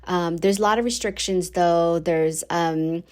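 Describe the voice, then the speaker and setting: A woman's voice: fairly low pitch, steady tone, a little slow, darkish tone. A woman hosting a casual podcast, chatty and rambling, with many fillers and restarts and easy laughs. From United States. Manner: laughs easily. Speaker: podcast host. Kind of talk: casual solo podcast chat.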